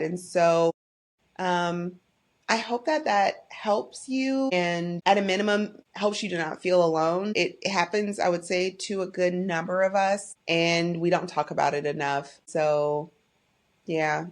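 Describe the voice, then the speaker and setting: Unhurried and on the low side, a middle-aged woman's voice carries a candid podcast monologue about her own life. She is heartfelt, openly emotional, and brings her faith into it.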